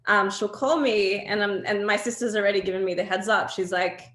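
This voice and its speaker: A woman talks candidly as an interview guest, her storytelling lively and broken by laughter and "like"s. Her voice sits at an ordinary middle pitch. The room around her rings with noticeable echo. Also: moderate pace, few pauses. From Australia. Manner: animated storytelling, laughs often, many fillers. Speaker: guest artist.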